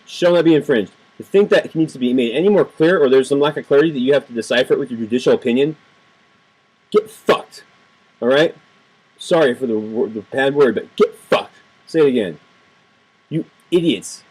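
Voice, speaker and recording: A man speaks fast in a medium-pitched, darkish voice with a breathy edge, captured in a low-quality home webcam recording. As a political video blogger, he rants indignantly and passionately to the camera, hammering home his points by repeating phrases.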